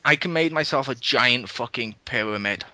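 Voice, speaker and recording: Excitable and quick to laugh, a man runs a casual gaming podcast chat and swears freely. His voice is medium-pitched at a moderate pace, with no room sound.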